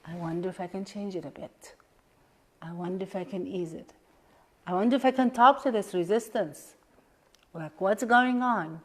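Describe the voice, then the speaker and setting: A woman's voice: medium pitch, normal speed, long pauses. Earnest woman coach repeating affirmations. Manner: earnest, repeats affirmations and questions, drops to a soft hush. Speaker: life coach. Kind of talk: live coaching session guiding a tapping exercise.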